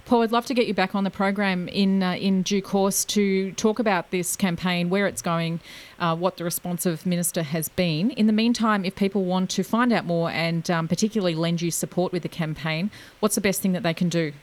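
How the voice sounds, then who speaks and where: A woman's voice: on the low side, steady tone, fairly quick. A woman with an Australian accent hosting a community radio show in a friendly way, laughing easily and using fillers. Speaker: radio host.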